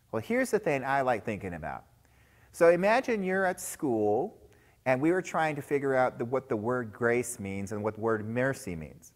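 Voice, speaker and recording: Animated man giving a children's chapel talk. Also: mid-range voice. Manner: storytelling, addresses listeners as guys. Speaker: chapel speaker for school children.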